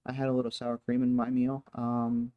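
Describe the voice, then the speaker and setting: A woman's voice: a bass voice, monotone, normal speed, no room sound, narrow, tinny audio. A woman streamer chatting casually and hesitantly, full of ums and trailing thoughts. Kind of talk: casual chat.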